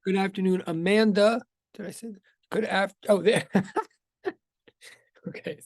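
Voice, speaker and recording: Rambling male physics teacher on a video call, gravelly, dry close sound. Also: high-pitched, steady tone, measured pace, no room sound. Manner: rambling, self-interrupting, chatty. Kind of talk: casual online class intro.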